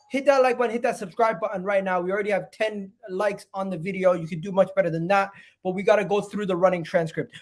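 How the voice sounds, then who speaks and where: A man on a live stream, venting his frustration to his chat. He repeats phrases again and again and swings between loud outbursts and low, muttered asides. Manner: exasperated, repeats phrases over and over. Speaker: fan channel host. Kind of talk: live-stream football fan rant.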